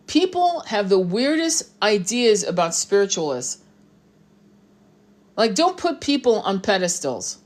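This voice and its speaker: A woman tarot reader speaking off the cuff to camera, blunt and emphatic, swearing often and restarting her sentences. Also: mid-range voice. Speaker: tarot reader and spiritual commentator. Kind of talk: unscripted rant to camera.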